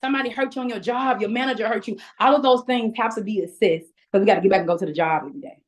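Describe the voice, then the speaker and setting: A woman's voice: medium pitch, racing. A woman giving a casual, upbeat guest talk over a video call, speaking in a chatty, conversational way.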